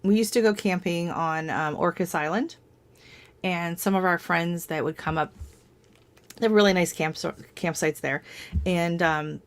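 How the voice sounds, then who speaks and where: A woman chatting casually on a live stream from home, her voice sitting a little low for a woman. She rambles through long stories, trailing off and picking up again, and laughs often. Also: a little slow.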